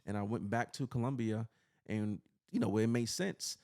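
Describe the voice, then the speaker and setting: A man's voice: fairly low pitch, normal speed, darkish tone. A man from New York City, a podcast host, telling a personal story in casual chat, earnest and rambling with lots of "you know.".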